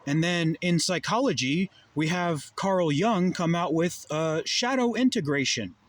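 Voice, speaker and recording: Young guy ranting into the camera, swearing a lot, firing off rhetorical questions, voice sits a bit high. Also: unhurried. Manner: profane, rhetorical questions, heated. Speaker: vlogger. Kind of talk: ranting monologue.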